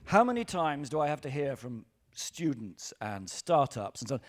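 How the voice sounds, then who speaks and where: A man's voice: mid-range voice, sing-song, a little slow. An older British man ranting bluntly and profanely on a conference panel stage.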